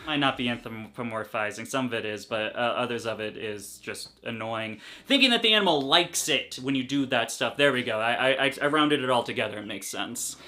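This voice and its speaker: A man's voice: medium pitch, brisk, few pauses, bright, forceful tone. Profane exasperated young man ranting. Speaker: reptile YouTuber. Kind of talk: comedic rant vlog.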